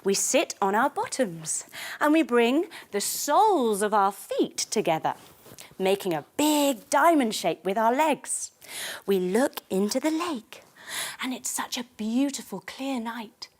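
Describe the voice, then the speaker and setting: A woman's voice: a little high, big pitch swings, a little slow. Playful, lilting woman leading kids' yoga. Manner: gentle, playful, coaxing instructions. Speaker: kids yoga teacher. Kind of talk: storytelling yoga lesson for children.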